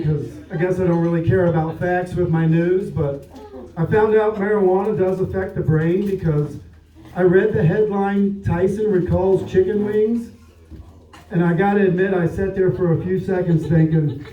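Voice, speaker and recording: A man's voice: high voice, normal speed. A man doing a stand-up comedy set with a dry, offhand delivery. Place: comedy stage at a winery. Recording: echoey room, distant dull mic.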